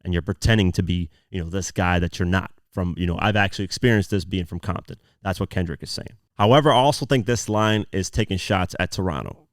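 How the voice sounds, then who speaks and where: A man's voice: low-pitched, quick pace, no echo, clean studio sound. A man hosting a podcast, talking casually as he breaks down lyrics line by line with frequent fillers. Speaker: podcast host.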